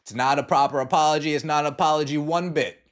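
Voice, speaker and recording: A man's voice: fairly high pitch, steady tone, quick pace. A man hosting a podcast, giving scornful, sarcastic sports commentary and mocking what others said. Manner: sarcastic and scornful, mocking quotes in put-on voices. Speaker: podcast host.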